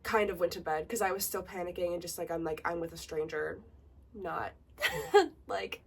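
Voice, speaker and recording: A young woman vlogger telling a story in a casual get-ready-with-me video, chatty and animated, with lots of "like". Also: on the low side, normal speed, creaky, husky, recorded from a distance.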